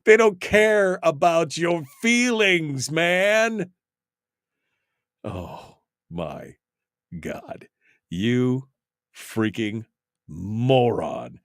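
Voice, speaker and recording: A man's voice: fairly high pitch, sing-song, extremely slow, pauses often, fairly bright tone, no echo, studio quality. A man hosting a talk show, chatting casually, laughing often and reading out chat messages with exasperated asides.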